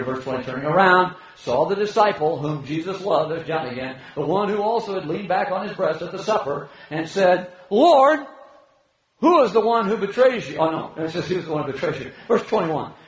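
A man preaching a sermon as pastor, animated, swinging between loud high exclamations and quiet low asides. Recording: echoey hall, dull lo-fi sound.

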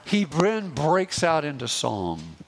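A man preaching a sermon as pastor, slowing down and pressing hard on key phrases. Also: a little high, wildly swooping pitch, vocal fry, a little hiss or hum. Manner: emphatic, slows and rises on key phrases.

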